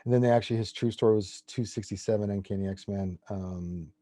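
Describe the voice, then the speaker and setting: Forties male guest, casual and rambling, warm mellow timbre, dry close sound. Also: lowish voice, fairly even intonation, brisk, no echo. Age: 40s. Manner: enthusiastic comic-book fan, rambling. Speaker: podcast guest. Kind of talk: casual chat.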